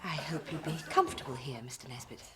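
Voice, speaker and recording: A woman's voice: low voice, fast talker, loud music behind the voice, natural voice. A woman playing a prim politician's wife. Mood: cool. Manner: prim, cool. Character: cold posh politician's wife, stiff and prim. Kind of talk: sitcom acting.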